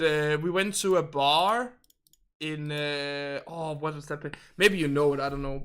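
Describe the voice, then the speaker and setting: A man's voice: a little high, pushed and bright. A young man with a Danish accent, hosting a game livestream and chatting casually with viewers in English, his second language, often restarting and asking how to say words. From Denmark. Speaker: livestream host. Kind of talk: casual chat reading viewer comments.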